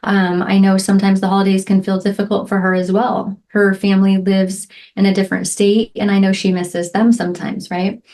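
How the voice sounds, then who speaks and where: A middle-aged woman talks alone on her podcast in an earnest, reflective way. She keeps checking in with "right?" and fills pauses with soft "um"s. Her voice sits at an ordinary pitch for a woman. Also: flat delivery. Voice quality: emotional, near tears at moments. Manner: heartfelt, frequent "right?" and "um" fillers. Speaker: podcast host. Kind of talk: reflective solo podcast talk.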